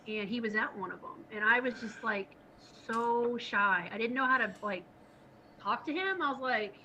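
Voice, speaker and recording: Bright, laughing woman telling stories. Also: medium pitch, slight background noise, low-quality recording. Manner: laughs often, animated retelling with put-on quotes. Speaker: podcast co-host. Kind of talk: casual storytelling chat.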